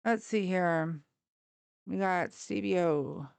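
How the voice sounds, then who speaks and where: A woman's voice: on the low side, takes it slowly, gravelly, clear, resonant tone. A woman hosting a casual political live stream indoors, talking bluntly and mocking viewers with plenty of swearing. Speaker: political livestream host. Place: indoors, a hot room. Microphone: live stream on a phone.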